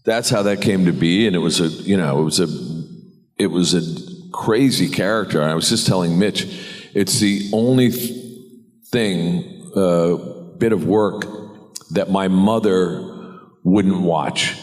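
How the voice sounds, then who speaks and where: A middle-aged American man telling stories on a convention panel, animated and laughing often. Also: low voice, a little slow, soft background music. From United States. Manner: animated, laughing, acts out quoted voices. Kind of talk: anecdotal storytelling. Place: large convention hall. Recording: reverberant convention hall.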